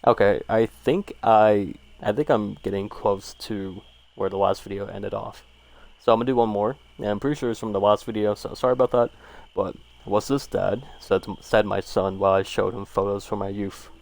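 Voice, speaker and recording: A man's voice: on the low side, steady tone, normal speed, creaky, darkish tone. A man casually reading short horror stories aloud and rambling about each one, with lots of fillers and swearing. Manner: rambling, laid-back, swears, frequent fillers.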